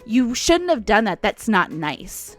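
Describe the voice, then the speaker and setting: A woman's voice: medium pitch, big pitch swings, slow pace. A cranky middle-aged shop worker snaps back in a curt, scolding tone, as an American woman quotes her. The voice rises and falls a lot. Faint music sits underneath.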